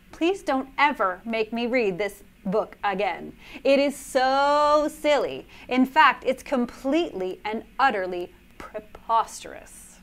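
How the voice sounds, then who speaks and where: Slow-paced playful woman reading aloud. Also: fairly high pitch, animated, a bit bright. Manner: playful, hams up silly words with gasps and mock dismay. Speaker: child life specialist. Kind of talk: reading a children's book aloud.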